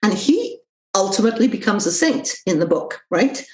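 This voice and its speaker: A woman's voice: medium pitch, big pitch swings, moderate pace, a little mellow, echoey room, rough recording. A woman author being interviewed, talking in a thoughtful, digressive way, often acting out quotes. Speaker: author and guest. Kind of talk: conversational interview.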